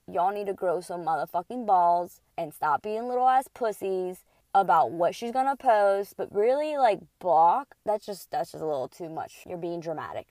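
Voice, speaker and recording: Woman, 30s, podcast host; casual, profane, animated storyteller. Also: mid-range voice. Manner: blunt, profane, animated retelling with quoted voices.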